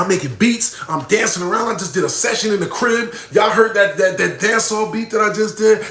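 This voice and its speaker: In a casual live chat with fans, a battle rapper rambles in slangy, profane talk that veers between hyped and subdued. His high, expressive voice is bright and forceful, moving briskly with vocal fry and few pauses. The room is echoey.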